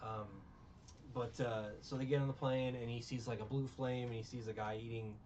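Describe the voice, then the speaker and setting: A man's voice: mid-range voice, little pitch movement, moderate pace, a little mellow, distant mic, a little hiss or hum. A man recapping a film in casual chat, rambling and sarcastic, with many restarts. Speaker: podcast co-host recapping a film.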